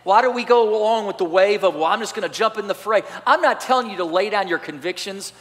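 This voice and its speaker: A man preaching a sermon as pastor, animated and swinging between loud and soft delivery. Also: high-pitched, fast talker. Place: church sanctuary. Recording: church hall reverb.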